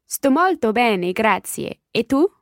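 Slow, careful woman repeating phrases. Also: on the high side, sing-song, no room sound, clean studio sound. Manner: careful, deliberate repetition. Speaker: learner co-host. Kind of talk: repeating phrases in a language lesson.

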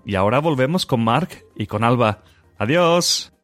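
Lively male language teacher. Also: mid-range voice, normal speed, no echo, soft background music. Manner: coaching, asks listener to repeat after him. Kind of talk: short podcast lesson segment.

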